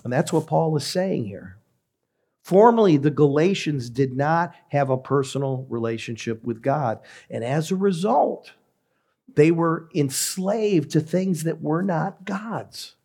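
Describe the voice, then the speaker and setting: A man who is a pastor, preaching a sermon in a measured, emphatic way with deliberate pauses. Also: fairly high pitch, animated, a little mellow.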